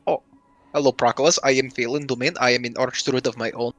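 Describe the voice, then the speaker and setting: A man playing a tabletop game, excited and casual, full of "like". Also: medium pitch, fast talker. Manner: excited, casual, says "like" a lot. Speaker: player.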